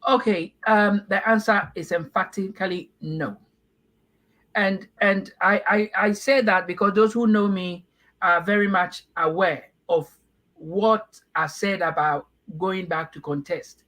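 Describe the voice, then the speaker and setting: A middle-aged Ghanaian man from Ghana, giving earnest, measured interview answers with frequent restarts. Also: sits high, steady tone, sharp tone, low-quality recording. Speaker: party aspirant guest.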